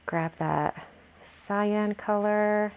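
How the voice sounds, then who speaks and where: A woman with a mid-range voice talks very slowly while hosting a card-making video, casually narrating her painting steps. She thinks out loud with lots of fillers, and there's a slight hiss or hum on the recording.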